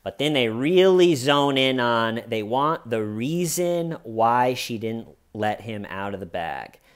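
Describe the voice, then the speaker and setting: Guy doing chatty true crime commentary, animated, wry dark humor. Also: mid-range voice, takes it slowly, clear, resonant tone. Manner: animated, conversational, slips into quoting people. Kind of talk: casual video commentary.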